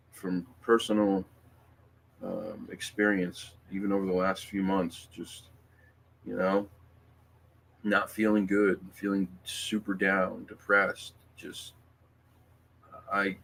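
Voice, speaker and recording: A middle-aged man with a very low, gravelly voice talks to his livestream viewers. He sounds emotional and halting, full of ums and restarts. Faint room noise sits behind him. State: emotional, near tears. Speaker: livestream host. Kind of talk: casual livestream chat.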